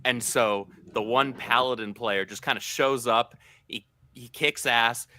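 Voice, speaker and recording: A man co-hosting a pop culture podcast, talking at a measured pace about games he loves. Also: mid-range voice, fairly even intonation, sharp tone, no echo. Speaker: podcast co-host. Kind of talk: casual chat.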